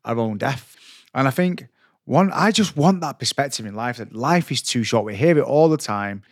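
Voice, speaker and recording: A man's voice: medium pitch, lively intonation, moderate pace, no echo, studio quality. A young man hosting an interview, talking casually with lots of "like" fillers. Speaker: podcast host. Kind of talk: conversational interview.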